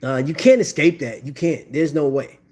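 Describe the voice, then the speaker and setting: A man's voice: on the high side, normal speed, a little mellow. A man hosting a live stream at a collectors' event, chatting casually and calling people "bro" and "man.". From Indiana. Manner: laid-back, chatty, says "bro" and "man" a lot.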